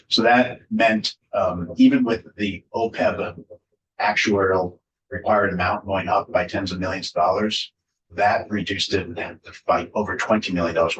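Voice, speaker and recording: A man, a state official, explaining finances to a legislative committee in a relaxed, hedging way with many fillers. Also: low-pitched. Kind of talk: committee testimony. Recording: echoey hearing room, distant mic, faint hiss.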